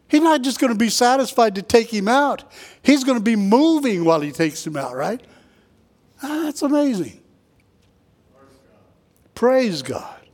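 A man preaching a sermon in a conversational way, tossing in quick asides and jokes for the congregation. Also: high voice. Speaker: pastor.

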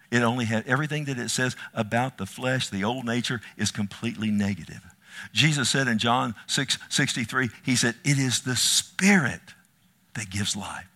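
A man preaching a sermon with passion, swinging from loud, rising appeals to quiet, hushed asides and calling his listeners "loved one". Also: medium pitch. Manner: impassioned, rising to near shouts then dropping to hushed asides.

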